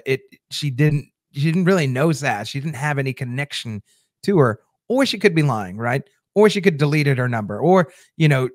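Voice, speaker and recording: On a close mic with no room sound, a medium-pitched man hosts a TV episode recap show. He rambles chattily to his viewers, full of fillers and restarts, in a casual style.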